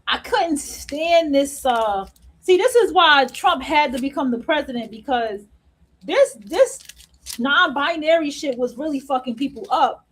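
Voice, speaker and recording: A woman with a high, bright voice delivers an unscripted opinion monologue as a host. She is blunt and profane, laughs at her own points and repeats phrases to hammer them home. She slows down and draws words out when she wants them to land. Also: a little hiss or hum, rough recording. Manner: repeats phrases for emphasis, drawing words out slowly.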